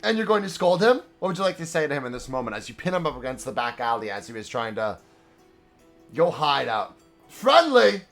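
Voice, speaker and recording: A man's voice: mid-range voice, quick pace, a bit bright, soft background music. A man narrating a tabletop game as game master, casual and hesitant. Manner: casual, hesitant with fillers and laughs.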